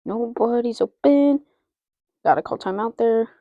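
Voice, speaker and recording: Excitable woman narrating her own gameplay. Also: on the high side, measured pace, no echo, lo-fi sound. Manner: excitable, repeats player names, talks to self. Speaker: gaming channel host. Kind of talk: live video game commentary.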